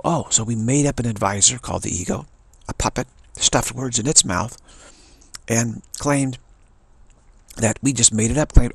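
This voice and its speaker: A man's voice: medium pitch, moderate pace, creaky, a bit bright, breathy edge, dry recording. A man giving an earnest spiritual talk, telling a story and repeating phrases for emphasis. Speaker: spiritual teacher.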